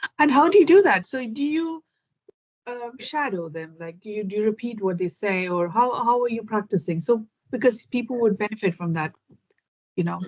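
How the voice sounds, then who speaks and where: A woman's voice: a little high, animated, normal speed. A woman hosts English speaking practice over a video call, asking one curious question after another. She restarts often and talks in a chatty way. The call sound is slightly dull. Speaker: English conversation host.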